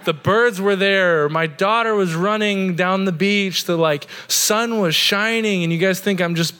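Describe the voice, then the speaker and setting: Speaking with a smooth, bright, forceful high voice, this Oregon man in his thirties delivers his sermon a little slowly. He's a pastor in a church sanctuary, talking earnestly and conversationally and leaning heavily on "like."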